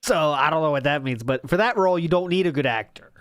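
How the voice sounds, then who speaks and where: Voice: medium pitch, fast, a bit bright, clear, resonant tone, no echo, clean studio sound. A podcast host in casual chat, playful and crude, often trailing off with fillers. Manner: playful, swears a lot, trails off with "like".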